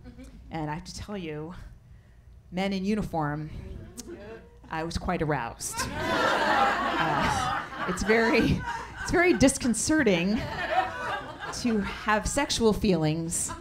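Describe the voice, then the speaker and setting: A middle-aged woman performing a stand-up comedy set, deadpan and punchy, building to loud exasperated outbursts. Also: mid-range voice, slow, pauses often, very noisy. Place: comedy stage before a laughing audience. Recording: live audience laughter throughout.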